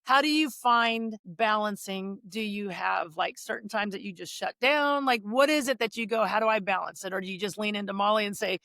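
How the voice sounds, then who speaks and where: A woman's voice: mid-range voice, moderate pace, few pauses, no echo. Chatty woman host telling a story. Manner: animated storytelling with acted quotes. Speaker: podcast host. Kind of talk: casual interview chat.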